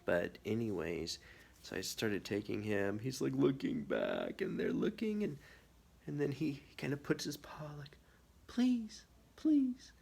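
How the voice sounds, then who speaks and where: A man telling a funny personal story in a casual, animated way, with lots of filler words. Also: lowish voice, normal speed, gravelly.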